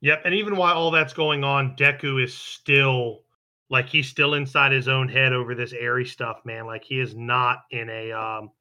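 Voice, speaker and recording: A man's voice: medium pitch, steady tone, normal speed, sharp tone. A man co-hosting a casual podcast, recapping episodes in a rambling, profane way with many restarts. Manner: rambling, profane, quotes characters in passing. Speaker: podcast co-host recapping an anime. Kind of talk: casual chat.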